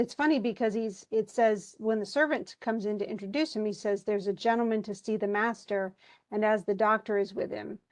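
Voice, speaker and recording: A woman's voice: fairly high pitch, darkish tone. A woman teaching a live online class, talking through a play in a chatty way with lots of asides. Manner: chatty, explains with asides and restarts.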